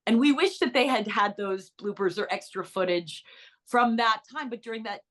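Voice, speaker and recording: A middle-aged woman, an actress and author, telling stories in a bubbly interview chat with quick asides. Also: on the high side, a bit bright.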